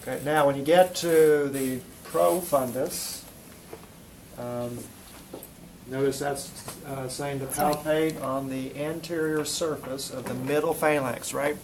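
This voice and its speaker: A man's voice: medium pitch, fairly even intonation, slow, darkish tone, a little hiss or hum, low-quality recording. Man teaching a hands-on anatomy class. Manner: questioning students, demonstrating on a volunteer. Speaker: physical therapy instructor. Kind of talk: classroom demonstration lecture.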